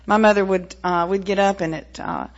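A woman in her forties from the American South, near the Tennessee-Mississippi line, frankly shares her personal story at a recovery meeting. Her mid-range voice is gravelly, and her plainspoken testimony includes pauses, fillers, wry asides, and wry laughs, all on a dull lo-fi recording.

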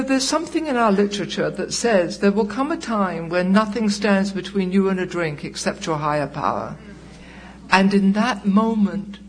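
An older woman gives personal testimony at a recovery meeting. She tells it slowly and deliberately, acting out the voices in her story, and a faint hum sits under her voice. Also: mid-range voice, rough recording. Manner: vivid, deliberate storytelling with acted-out quotes. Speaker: recovering alcoholic sharing at a meeting.

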